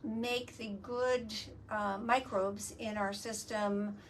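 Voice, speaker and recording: A woman hosts a casual live stream with an eager, explaining manner and plenty of ums. Her voice sits fairly high. She is recorded from a distance in a studio, with a faint hiss of ambient noise behind her. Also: fairly even intonation, takes it slowly. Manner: enthusiastic, explanatory, many fillers. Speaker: host. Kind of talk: casual live video chat. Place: work studio.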